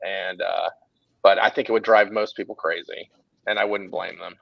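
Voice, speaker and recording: A man's voice: sits low, normal speed, gravelly, no room sound, dull audio. A man in his forties with a Southern Texas accent, an artist chatting casually and telling stories with lots of restarts. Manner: animated, rambling storyteller with frequent restarts. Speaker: artist and creative director. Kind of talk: casual chat on a livestream.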